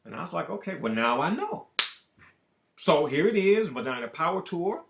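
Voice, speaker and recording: A man with a high, gravelly voice swings his pitch all over as he tells a story in a loose, casual monologue. He is profane and emphatic and talks in bursts. The room leaves a clear echo on his voice. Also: sing-song, normal speed, background noise. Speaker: show host. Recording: roomy echo.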